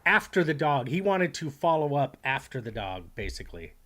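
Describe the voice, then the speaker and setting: A man's voice: mid-range voice, very animated, moderate pace, fairly bright tone. A man streaming live, reacting to clips with rambling, profane commentary and reading chat aloud.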